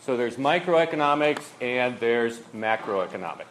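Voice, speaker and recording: A man's voice: medium pitch, expressive, moderate pace, fairly bright tone, slight background noise, poor audio. A man giving an informal university economics lecture, conversational, with fillers and rhetorical questions. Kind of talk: classroom lecture.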